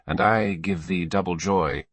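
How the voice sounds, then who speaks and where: A man voicing a stately older male earl who speaks in measured, formal old-fashioned phrases. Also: deep voice, a bit bright, no room sound. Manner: measured, formal archaic speech.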